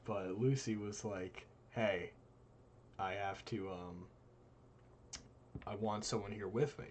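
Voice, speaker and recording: Young male co-host, low voice, animated storyteller, faint room noise. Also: slow pace. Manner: animated, voices quoted friends with big jumps in pitch. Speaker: live stream co-host. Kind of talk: casual storytelling.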